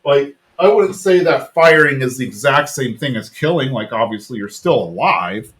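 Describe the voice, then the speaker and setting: A man's voice: mid-range voice, expressive, moderate pace, fairly bright tone, slightly rough. Easygoing man rambling through an episode recap. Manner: rambling, lots of fillers and laughs. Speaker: podcast co-host. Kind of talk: casual recap chat.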